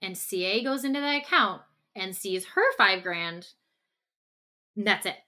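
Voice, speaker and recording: A woman co-hosting a relationship podcast with a bright, forward tone. She builds a hypothetical scenario step by step in a casual, conversational way. She keeps checking in with quick "okay?" and "right?" asides. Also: mid-range voice, animated. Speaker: podcast co-host.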